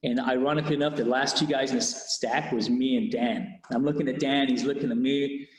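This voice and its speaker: A police officer recounting a personal experience in an interview, candid and halting, with many restarts. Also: male voice, medium pitch, steady tone, slight background noise. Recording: echoey room with long reverb.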